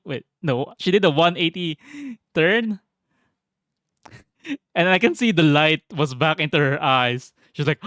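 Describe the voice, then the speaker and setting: Slow-talking, laughing vlogger man. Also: on the high side, no echo. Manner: laughs often, swears, animated. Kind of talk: casual travel storytelling.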